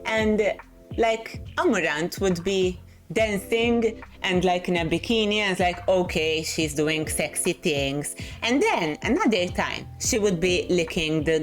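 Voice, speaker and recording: A chatty woman streamer hosting a guest, her pitch swinging up and down as she talks. She sounds excitable and quick to laugh. Faint music plays under her voice. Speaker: streamer host interviewing a guest. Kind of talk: casual livestream chat.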